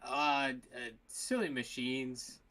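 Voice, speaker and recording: A man's voice: mid-range voice, slow, bright, forceful tone, voice pushed down. A man voicing an evasive male scientist who stammers out excuses. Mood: flustered.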